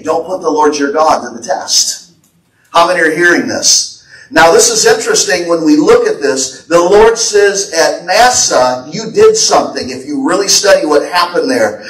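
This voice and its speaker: In a church sanctuary, an American pastor preaches a fervent sermon and relays prophetic words, his voice fairly high and a bit bright. The echoey hall recording catches him from a distance.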